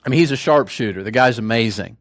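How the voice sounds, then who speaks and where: An older man delivering a sermon at a mid-range pitch, easing into casual stories and folksy asides between Bible points. The sound is dry and close, with no room echo. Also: quick pace. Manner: conversational, storytelling, folksy asides. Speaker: preacher.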